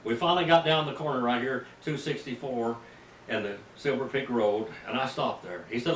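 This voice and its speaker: An older man, a pastor, preaching a sermon as an animated, folksy story with sudden loud bursts. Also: medium pitch, fairly quick. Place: mission field, preaching to a group. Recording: roomy, distant mic with faint ambient noise.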